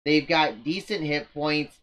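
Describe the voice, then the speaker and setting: A man's voice: on the high side, measured pace, a bit bright. A man giving casual commentary on his strategy game, rambling and poking fun at his own moves. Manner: rambling, self-mocking, often restarts sentences. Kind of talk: casual let's-play commentary.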